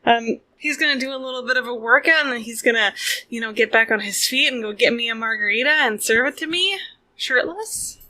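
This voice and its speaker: Bright, playful young woman. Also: a little high, fast, no echo. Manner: playful, giggly, gushing. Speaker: podcast co-host. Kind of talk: casual chat about manga.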